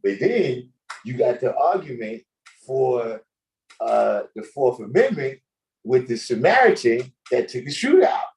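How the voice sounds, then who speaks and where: A man hosting a casual livestream chat, telling stories in an animated, slangy way and laughing often. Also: medium pitch, unhurried, low-quality recording. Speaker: host.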